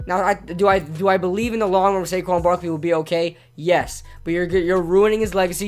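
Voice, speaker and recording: Hoarse man ranting about his team. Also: sits high, fairly even intonation, a little fast, few pauses, darkish tone, soft background music. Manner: fired-up, ranting, repeats himself. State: hoarse from yelling at a game. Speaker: sports commentary vlogger. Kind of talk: casual sports rant.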